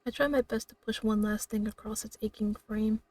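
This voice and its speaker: Woman reading a game aloud dramatically, mellow tone. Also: fairly high pitch, steady tone, no room sound, distant mic. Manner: slow, dramatic reading broken by laughs and asides. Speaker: streamer.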